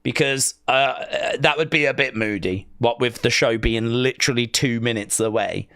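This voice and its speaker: A man hosting a live wrestling watch-along, answering chat with jokey, sarcastic teasing and sudden loud outbursts. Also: mid-range voice, normal speed. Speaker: live stream host.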